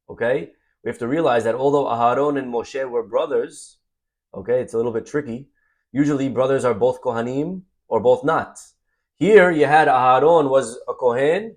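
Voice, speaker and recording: A rabbi teaching a Torah class, reading Hebrew verses aloud, translating them and calling his listeners "my friends". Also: mid-range voice. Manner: animated, addresses listeners as "my friends".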